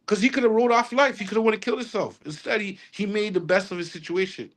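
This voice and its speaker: A man's voice: high voice, fast talker, fairly bright tone. A man, a reggae artist talking casually in an interview, rambling with restarts and slang.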